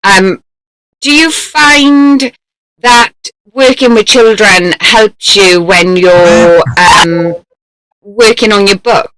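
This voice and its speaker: A young woman hosts a relaxed interview, chatty and laughing easily between questions. Her voice is bright and a little tense. The sound is close and dry, with no room around it. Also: medium pitch, very slow, dry recording, rough recording. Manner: chatty, laughs often, trailing asides. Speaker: talk show host. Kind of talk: casual interview chat.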